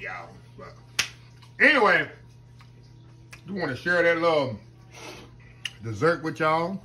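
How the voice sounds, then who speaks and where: A man's voice: a little high, big pitch swings, slow, long pauses, bright, forceful tone, poor audio. A man hosting a casual home cooking vlog, folksy and chatty, often calling out to viewers as y'all. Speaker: home cooking channel host.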